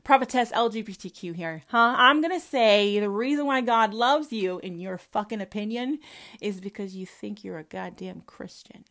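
With a fairly bright, mid-range voice at a moderate pace, this Southern American commentator fires off a profane, combative religious rant to camera. She's from the Southern United States and leans heavily on rhetorical questions.

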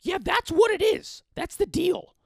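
A man imitating his brash, foul-mouthed middle-aged mother, with a shrill, brassy voice and an argumentative bark. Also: a little slow, gravelly, no echo, clean studio sound, exaggerated voice. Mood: combative. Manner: barks curses, argues even when agreeing.

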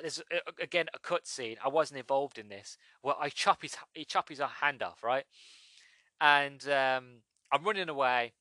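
Bright-voiced man reviewing a game. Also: on the high side, dry recording. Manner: rambling, chatty, with frequent restarts; acts out lines from the game in sudden loud outbursts. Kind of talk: casual spoken game review.

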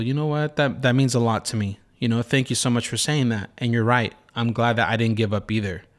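A man in his thirties hosting a casual faith talk, telling a story in a rambling way, with many restarts and quoted thoughts. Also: mid-range voice. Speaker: host.

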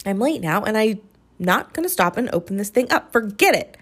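A woman reading aloud, voicing a wary, sharp-tongued schoolgirl who talks skeptically and brusquely. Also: medium pitch, big pitch swings, fairly quick, slightly rough. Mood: impatient.

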